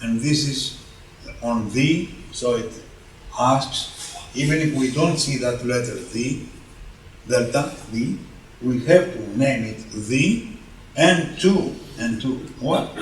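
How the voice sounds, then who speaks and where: A man teaching Byzantine chant in a workshop, explaining slowly and carefully and often chanting note names. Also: medium pitch. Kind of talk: workshop lesson. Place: parish hall. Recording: roomy hall, distant mic, faint hum.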